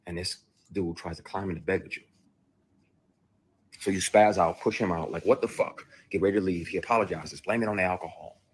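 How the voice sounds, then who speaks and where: A man's voice: deep voice, steady tone, brisk, slight background noise. A man, an actor, bluntly and emotionally recounting a personal ordeal, with profanity. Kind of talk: played clip of a personal account.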